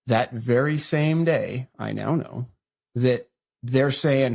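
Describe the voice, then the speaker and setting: A middle-aged man, a guest on an interview show, telling a story in a brisk conversational way and acting out the lines people said to him. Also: medium pitch, creaky. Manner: fast retelling that acts out quoted dialogue.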